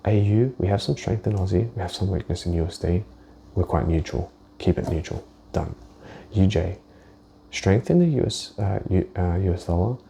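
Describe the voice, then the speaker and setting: A man's voice: low-pitched, creaky, dark tone, a little hiss or hum. A man giving a casual walkthrough of his forex trades, thinking aloud and swearing as he goes, with many restarted sentences. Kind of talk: casual screen-share market walkthrough.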